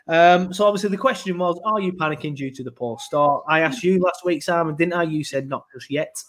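A man co-hosting a casual podcast, his voice sitting a little high for a man. He is chatty and self-mocking, and he tells his stories with plenty of animation. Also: fairly quick, fairly bright tone. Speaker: podcast co-host. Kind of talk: casual chat.

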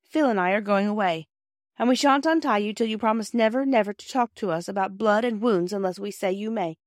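A woman reads aloud in a medium-pitched voice, going a little fast, portraying a firm, principled young girl in a stern, earnest manner. She pitches the character above her own voice, yet it stays close to everyday speech. The recording is dry and studio quality.

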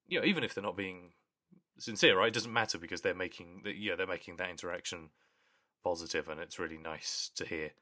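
Deep bright-toned male podcast co-host. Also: a little fast. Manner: earnest, apologetic, thoughtful. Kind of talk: casual chat.

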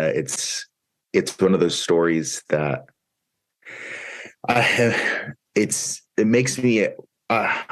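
A man's voice: low-pitched, gravelly. A man co-hosting a book podcast, reflectively telling a personal story. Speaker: podcast co-host. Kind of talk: casual book discussion.

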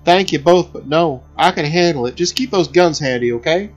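A man's voice: on the high side, moderate pace, soft background music, pitched above the performer's own voice, close to an everyday voice. A man voicing a tough, brash woman gunslinger who is a mother, talking urgently. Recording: slightly dull recording.

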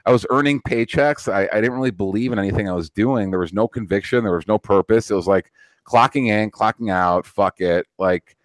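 A man's voice: lowish voice, brisk, no room sound. A man in his thirties hosting a podcast, talking in a profane, rambling way with many restarts. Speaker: podcast host. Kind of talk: casual political chat.

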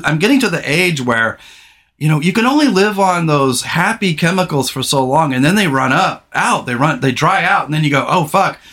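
A middle-aged man hosting a podcast in casual chat, rambling, candid and quick to swear. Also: fairly high pitch, fairly bright tone. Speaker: podcast host.

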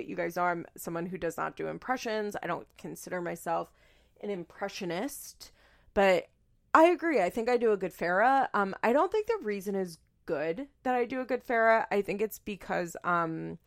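A woman's voice: medium pitch, vocal fry, a bit bright. A woman in her thirties hosting a casual solo podcast, chatty and self-deprecating, rambling with lots of fillers. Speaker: podcast host.

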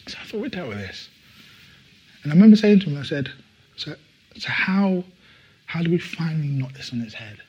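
Husky-voiced preaching man, emphatic. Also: mid-range voice, poor audio. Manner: animated, emphatic preaching with repetitions and laughs. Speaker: pastor. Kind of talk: sermon. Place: church service.

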